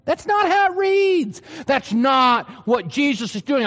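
High-pitched guy preaching, punchy and emphatic, keeps asking the crowd questions. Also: animated, normal speed, few pauses, a bit bright, long reverb tail. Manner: emphatic, asks the hearers questions. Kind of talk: sermon.

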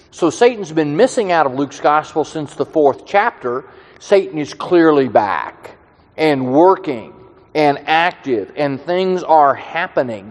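Man teaching Scripture in a reverberant hall. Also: a little high. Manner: conversational, thinks aloud with restarts, varies pace for emphasis. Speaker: Bible class teacher. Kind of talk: Bible study teaching.

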